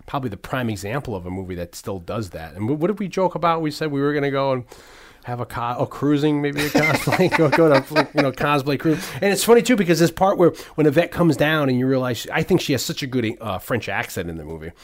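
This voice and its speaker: A middle-aged man rambles casually through a movie podcast, restarting his sentences and leaning on fillers. His voice sits at an everyday middle pitch. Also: lively intonation, fast, a little hiss or hum. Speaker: podcast host.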